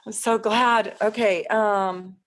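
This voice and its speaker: Slow-talking chatty woman astrologer. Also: medium pitch, steady tone. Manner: chatty, laughs often, easily flustered. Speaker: astrologer hosting a live stream. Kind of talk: casual live-stream chat with viewers.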